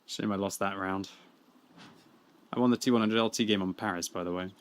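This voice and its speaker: A man, chatting and laughing through live gaming stream commentary, with excitable outbursts. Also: sits low, a little fast. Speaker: game streamer.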